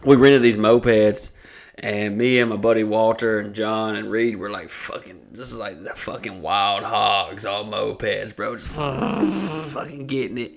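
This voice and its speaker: A man's voice: on the low side, measured pace, creaky. A young adult man hosting a podcast, casually telling a rambling, profane story full of fillers. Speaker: podcast host.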